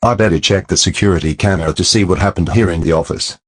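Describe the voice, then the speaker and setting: Brief: computer man as a stern cartoon principal, low and husky, dry sound. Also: fast talker, no room sound. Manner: stern, scolding. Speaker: school principal. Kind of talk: text-to-speech cartoon dialogue.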